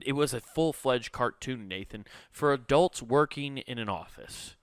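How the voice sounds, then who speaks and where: A comedian co-hosting a podcast, telling a story with casual profanity and frequent laughter. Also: male voice, medium pitch, unhurried, smooth, dry recording, clean studio sound.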